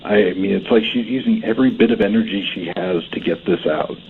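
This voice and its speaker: A man's voice: fairly low pitch, brisk, slight background noise. Man on a tinny phone line. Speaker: paranormal investigator guest. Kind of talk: casual on-air conversation.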